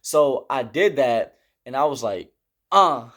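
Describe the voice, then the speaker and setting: A man's voice: mid-range voice, measured pace. A young man casually telling a story about army basic training, rambling and leaning heavily on fillers while he gestures through the steps. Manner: explains with hand gestures.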